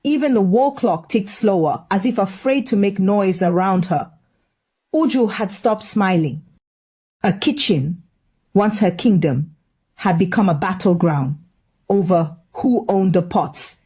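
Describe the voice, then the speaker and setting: A woman's voice: medium pitch, a little slow, darkish tone, slightly rough. A woman telling a scripted story in a wry, gossipy manner.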